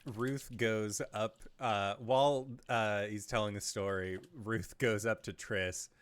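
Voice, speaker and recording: A man playing in a tabletop game, slowly describing his character's actions and laughing along. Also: on the low side, fairly even intonation, smooth, no echo. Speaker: player.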